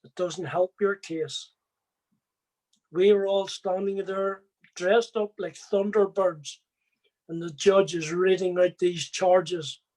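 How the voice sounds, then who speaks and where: A man's voice: high-pitched, steady tone, slow pace, a little mellow, low-quality recording. A middle-aged man from Ireland, telling his own life story as an earnest testimony and speaking straight to his listeners. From Northern Ireland. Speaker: former prisoner giving testimony.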